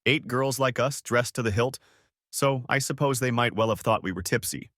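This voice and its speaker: A man's voice: medium pitch, moderate pace, a bit bright, dry recording, studio quality, natural voice. A male narrator voicing a frantic, insistent female friend who talks bluntly and with exasperation, in an audiobook reading. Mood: exasperated. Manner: pressing, exasperated.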